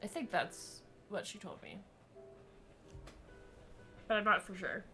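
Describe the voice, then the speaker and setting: A woman's voice: mid-range voice, slow pace, bright, forceful tone, faint music behind. A woman chatting casually and rambling as she streams a story game, laughing often. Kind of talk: casual chat while gaming.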